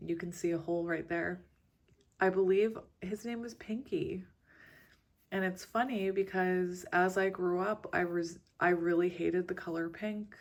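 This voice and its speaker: A woman in her forties, chatting in a rambling, casual way with frequent soft laughs as she gives a tarot reading. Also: medium pitch. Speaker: tarot reader.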